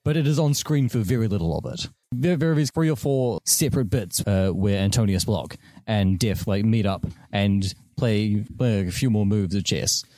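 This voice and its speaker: A man's voice: fairly low pitch, normal speed, a little mellow, dry recording. A man co-hosting a podcast in casual chat, often repeating words as he starts a sentence. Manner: stammering, repeats words while getting going. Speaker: podcast co-host.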